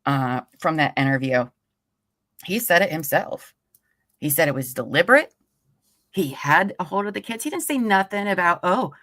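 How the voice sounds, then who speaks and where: A woman's voice: fairly high pitch, fairly bright tone, no room sound, studio quality. A woman hosting a livestream about a trial, angry and swearing as she comments. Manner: angry, profane, repeats courtroom audio aloud.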